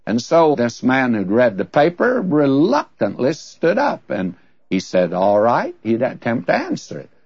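Husky older preacher, lively delivery. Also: male voice, mid-range voice, unhurried, no echo, lo-fi sound. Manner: storytelling, leaning hard on key words. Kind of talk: sermon.

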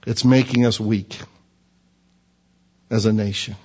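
A man preaching a sermon, animated and acting out the dialogue in character voices. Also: lowish voice, slow pace, breathy edge. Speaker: pastor. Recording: dull sound in a reverberant hall.

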